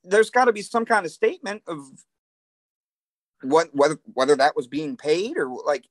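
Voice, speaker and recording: A man's voice: on the high side, very animated, moderate pace, no room sound. A man talking on a phone or video call in a casual chat, blunt and indignant, swearing and laughing between his points.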